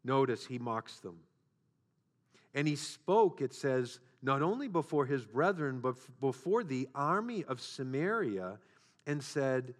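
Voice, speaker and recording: A man's voice: medium pitch, expressive, unhurried. A man preaching a sermon as a pastor, with repeated phrases and rhetorical questions. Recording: long hall reverb.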